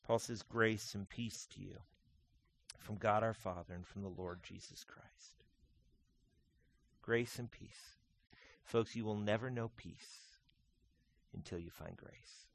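Male pastor preaching real slow, goes from soft and close to loud and punchy. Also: fairly low pitch, fairly even intonation, gravelly, slight background noise. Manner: swings from quiet intimate tones to loud emphatic preaching; slow deliberate delivery with repeated phrases. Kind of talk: sermon.

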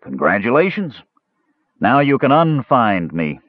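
Guy doing a cranky drunk dwarf, gruff and snappy, raised pitch, dull muffled sound. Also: very animated, a little slow, no echo. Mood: grumpy. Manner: gruff, irritable, curt. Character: testy drunken male dwarf smith, young.

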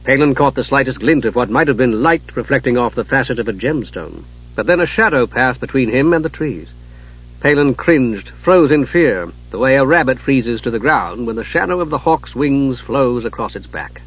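A man narrating an audiobook fantasy story in a measured, dramatic reading. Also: medium pitch, lively intonation, slightly rough. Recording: dull lo-fi audio.

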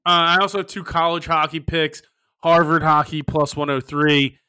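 A man's voice: fairly high pitch, clean tone. A man hosting a casual sports betting podcast, running through picks and reading off odds. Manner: runs the picks, quick laughs, reads odds in a flat list. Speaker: podcast host.

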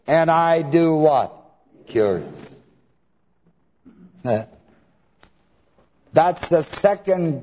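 The preacher here has a slightly high, dark voice. He delivers a sermon in call-and-response style, prompting listeners to complete words and spelling out terms one letter at a time, in a dull, lo-fi hall recording with long reverb.

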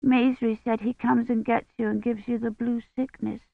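A frightened little girl with a quavering voice, pitched well above the woman who reads her. She clings and sounds tearful and small. The sound is dry and tinny, like a phone line. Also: little pitch movement, normal speed, gravelly, dry recording. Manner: quavering, high childlike voice.

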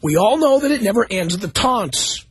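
Sarcastic high-voiced male radio host. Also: animated, moderate pace, a bit bright, husky, no room sound. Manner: sarcastic, reading news items aloud with commentary. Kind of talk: talk radio monologue.

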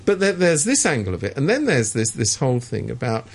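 A man's voice: mid-range voice, sing-song, a little fast, creaky, slightly rough. A man giving sardonic, opinionated commentary in a radio studio, stammering and restarting as he talks.

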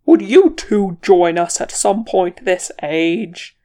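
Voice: mid-range voice, expressive, measured pace, creaky, darkish tone. Stern old wizard, as a reader puts him on. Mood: exasperated shout.

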